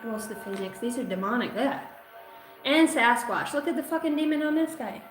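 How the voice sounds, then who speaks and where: Brisk and slightly high, with lively intonation, a tarot and oracle card reader in her thirties banters playfully and swears freely during a casual livestream reading. The room is echoey, with faint background music.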